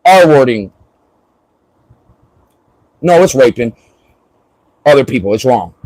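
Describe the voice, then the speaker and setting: A man's voice: medium pitch, lively intonation, slow pace, darkish tone, no room sound, poor audio. A man from Florida chatting casually on a livestream, joking and rambling and laughing often.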